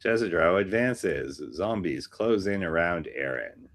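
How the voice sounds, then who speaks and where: A man hosting a script workshop reads stage directions aloud and drops dry, wry asides. His voice is very low. He talks at an unhurried, slow pace. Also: expressive, fairly bright tone. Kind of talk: reading scripts aloud with commentary.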